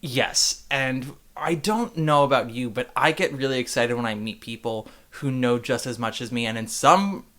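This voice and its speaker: Podcast host, male, animated and theatrical, giddy casual chat, mid-range voice. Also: medium pitch, moderate pace, hardly any pauses.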